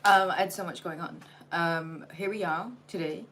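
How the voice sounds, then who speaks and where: A woman's voice: lowish voice, fairly even intonation, moderate pace, a bit bright, slight background noise, poor audio. A tired woman giving a blunt, exasperated livestream tarot reading, lecturing her viewers and swearing freely. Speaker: tarot reader.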